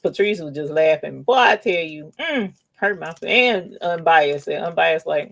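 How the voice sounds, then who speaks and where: A woman's voice: deep voice, moderate pace, gravelly. A woman hosting a casual craft livestream, playfully reading viewer comments aloud and calling out cheerful greetings. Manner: playful, lively, calls out "holler" and "yes, honey".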